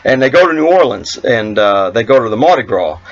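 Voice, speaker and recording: A man's voice: mid-range voice, very animated, fairly quick, highs cut off. A man hosting an RV vlog, telling a quiz and a joke in a folksy, chuckling storyteller manner. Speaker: RV vlog host.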